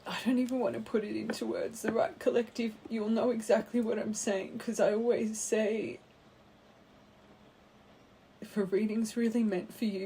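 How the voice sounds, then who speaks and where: A woman giving a tarot card reading to her viewers, speaking gently and heartfelt and calling her listeners her angels. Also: medium pitch, steady tone, normal speed, slight background noise. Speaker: tarot reader.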